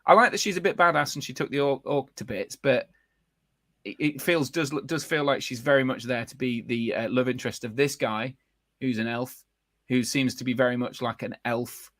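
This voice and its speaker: Male live show host, chatty, halting, dry close sound. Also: mid-range voice, fairly bright tone, dry recording. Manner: rambling, many fillers and restarts. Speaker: podcast host. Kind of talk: casual livestream chat.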